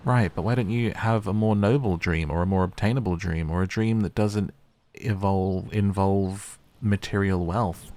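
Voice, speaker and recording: Gaming host, male; lowish voice, chatty, playful. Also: moderate pace, warm tone. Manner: chatty and playful, teasing the characters. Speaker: gaming YouTuber. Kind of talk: casual game commentary.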